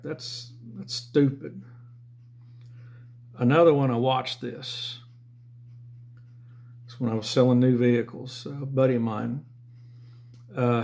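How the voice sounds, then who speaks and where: A man's voice: mid-range voice, creaky, a little mellow. A middle-aged man with a Southern American accent, telling sales stories in a blunt, profane, rambling way. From Southern United States. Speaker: former car and motorcycle salesman. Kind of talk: casual storytelling monologue.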